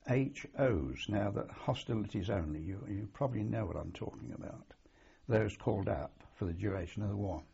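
An elderly man looks back on his wartime service for an oral history interview. He talks slowly, pausing often and restarting his sentences. His voice is low, husky and gravelly, and the old tape sounds dull. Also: mellow. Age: older. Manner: slow, halting, many ums and restarts. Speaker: veteran interviewee.

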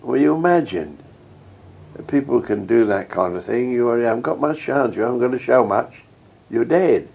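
A man's voice: medium pitch, animated, moderate pace, vocal fry, husky, muffled recording. An elderly man with a rambling, reminiscing way of telling stories, interviewed for an oral history. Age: older. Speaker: veteran interviewee.

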